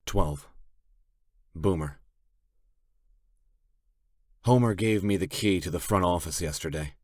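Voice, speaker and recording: A man narrating a first-person romance audiobook in a steady, gritty storytelling manner. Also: deep voice, slow pace, no echo, clean studio sound.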